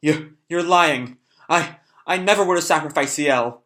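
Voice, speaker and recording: A man's voice: fairly high pitch, moderate pace, bright, forceful tone, voice pushed up. A man voicing a frightened young boy who stammers and pleads while reading a comic aloud. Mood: desperate.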